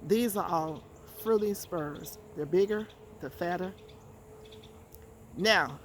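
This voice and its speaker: A woman's voice: fairly low pitch, slow, long pauses, slight background noise. A woman hosts a casual how-to vlog from her backyard garden, chatting straight to viewers and repeating words for emphasis. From Georgia, USA. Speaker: gardening channel host.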